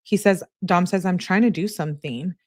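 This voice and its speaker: A woman's voice: lowish voice, normal speed, no echo, clean studio sound. Woman casually reading out text messages. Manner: plain conversational reading with asides and self-corrections.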